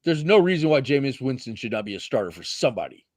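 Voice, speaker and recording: A man hosting a sports talk show, talking casually with friends. His pitch swings widely and he curses often. The sound is close and dry, with almost no room in it. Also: fast, dry recording. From Seattle area. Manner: animated, swears freely, loose banter. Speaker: podcast host.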